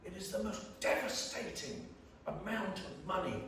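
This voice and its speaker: A man's voice: high voice, animated, a little slow, fairly bright tone, far from the mic, slight background noise. Emphatic man speaking in an echoey church hall. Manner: emphatic, blunt, jokey public speaking. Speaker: guest panellist. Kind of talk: speech to a community meeting.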